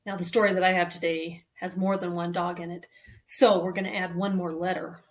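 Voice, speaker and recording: A woman's voice: on the low side, level tone, brisk, recorded from a distance. A woman librarian reading a picture book to children, enthusiastic and coaxing, with gasps of mock surprise. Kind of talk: storytime read-aloud for children. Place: at home.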